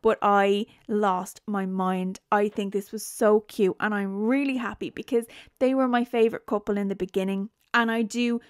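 A woman's voice: mid-range voice, fairly even intonation, moderate pace, clear, resonant tone, no echo, studio quality. A young woman recapping a reality show in casual, blunt chat, swearing freely.

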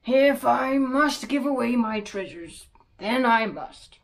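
Greedy fretful king for a kids' storybook, wails a lot, voice sits a bit high, woman reading it out. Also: animated, slow. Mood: resigned. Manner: wailing, exclaiming. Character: greedy king, grown man, fretful and dramatic.

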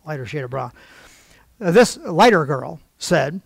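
A man's voice: fairly high pitch, lively intonation, takes it slowly, creaky, long pauses, husky, dry recording, clean studio sound. An older man preaching in a storytelling style, acting out quoted voices with wry asides.

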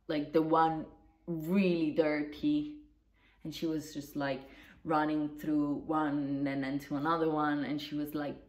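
A woman vlogger chatting casually and rambling, swearing now and then. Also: low-pitched. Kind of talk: casual vlog chat. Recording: roomy echo.

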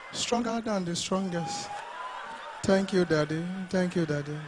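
A man imitating a gentle Nigerian pastor who slowly draws out his words of praise. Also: high-pitched, background noise, voice pushed down. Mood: adoring. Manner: slow, drawn-out praise. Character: gentle, adoring male worship pastor.

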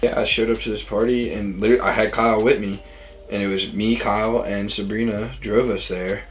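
Young man, low voice, loose rambling storyteller who acts out the quotes. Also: little pitch movement, a little fast, over music, poor audio. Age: young adult. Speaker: storytelling guest. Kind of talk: casual party stories.

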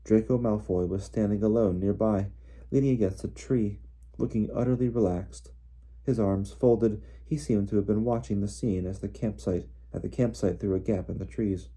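A man reading a novel aloud in steady storybook narration. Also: lowish voice, moderate pace, slightly rough. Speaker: audiobook reader.

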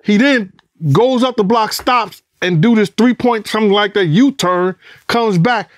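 A middle-aged man recounts a night in a casual interview, his voice sitting a touch high for a man. He talks in an animated, profane way and acts out the voices of others and gunshot sounds. The sound is dry and close, with no room echo. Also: unhurried. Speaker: former bodyguard telling a story.

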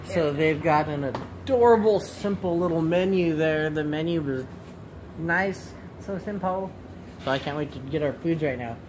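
A man's voice: on the high side, normal speed. A man casually vlogging outdoors at a small food stand, chatty and joking as he films with a handheld phone. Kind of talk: casual vlog narration. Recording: outdoor traffic noise.

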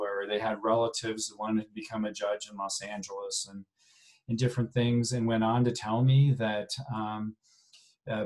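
A man giving a recorded genealogy lecture, talking conversationally in a halting way with many fillers and restarts. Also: lowish voice, darkish tone. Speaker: genealogy instructor.

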